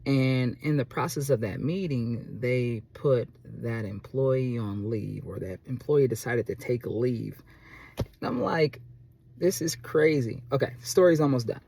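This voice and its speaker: Man, small business owner, animated vlog storyteller with a casual, chatty delivery. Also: mid-range voice, measured pace, vocal fry, husky. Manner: animated, chatty, keeps asking "okay?".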